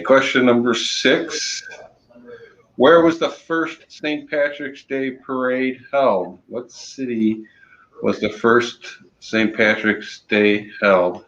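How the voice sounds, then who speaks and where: A man co-hosting a casual chat show, slowly reading out trivia answers with many ums and the odd corny joke. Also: medium pitch, a bit bright. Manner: slow, halting, many ums and uhs; corny jokes. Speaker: podcast co-host running trivia. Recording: roomy, dull lo-fi sound.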